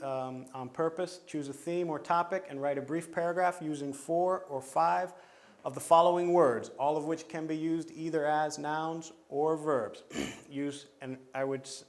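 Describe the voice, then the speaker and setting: Man, lecturing teachers, somewhat higher pitch, measured, explanatory, restarts phrases. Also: a little mellow. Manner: measured, explanatory, frequent restarts and throat clearing. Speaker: teacher trainer.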